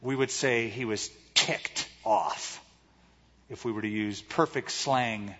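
Male pastor, husky, slow and deliberate, dramatic sermon style, muffled hall sound. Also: medium pitch, pushed and bright. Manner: dramatic, rhetorical questions, acts out quoted voices.

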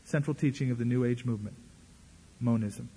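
A man's voice: mid-range voice, fairly quick, dark tone, slightly rough. A male pastor preaching a sermon, making dry, mocking asides.

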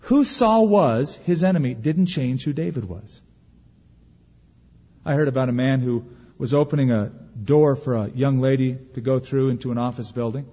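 A man preaching a sermon as pastor, folksy and humorous, with dramatic pauses. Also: mid-range voice, warm tone, slightly rough, big-room sound, lo-fi sound.

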